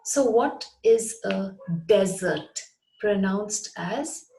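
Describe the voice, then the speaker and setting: A woman's voice: mid-range voice, drawn-out words, vocal fry, warm tone, rough recording. A woman teaching a lesson, speaking carefully and spelling words out letter by letter. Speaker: English teacher. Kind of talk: scripted English lesson.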